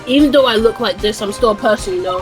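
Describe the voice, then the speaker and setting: A man's voice: high-pitched, fast talker, natural voice. Guy reading a nagging old lady guard, snippy and bossy, game music behind. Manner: scolding, snappish, theatrical. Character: nosy, bossy old woman security guard. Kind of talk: reading game dialogue aloud on a stream.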